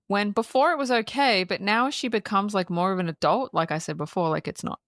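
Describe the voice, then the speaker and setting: A woman's voice: mid-range voice, brisk, fairly bright tone, no room sound, studio quality. Swearing, laughing woman podcast host. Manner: swears freely, acts out quotes, laughs often. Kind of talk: casual film review chat.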